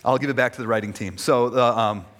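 A man's voice: mid-range voice, fairly even intonation, fast, a bit bright. A male pastor preaching a sermon in a conversational, self-deprecating way, with many fillers.

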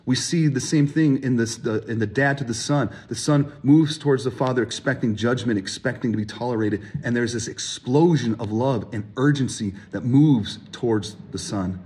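A man preaching a sermon, animated and emphatic, acting out the voices of people in his stories. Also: medium pitch, normal speed, few pauses, breathy edge. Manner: animated, acts out voices in quotes, rising emphasis. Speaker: pastor.

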